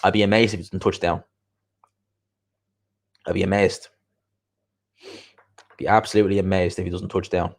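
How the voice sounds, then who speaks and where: A man's voice: deep voice, little pitch movement, normal speed, gravelly, long pauses. A man chatting casually as a boxing show host, opinionated and repeating his points for emphasis. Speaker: boxing show host reading viewer comments. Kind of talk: casual livestream chat.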